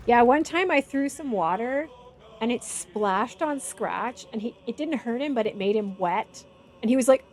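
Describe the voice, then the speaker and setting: A woman's voice: a little high, expressive, moderate pace, faint music behind. A middle-aged woman chatting casually through her gameplay as a streamer, humming and singing little tunes under her breath. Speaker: game streamer.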